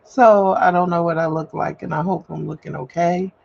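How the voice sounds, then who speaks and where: This livestream host has a fairly low, gravelly and slightly mellow voice with fairly even intonation at a normal speed. She chats candidly and meanders, repeating points emphatically as she prints paperwork at home, over slightly dull audio and a faint hum.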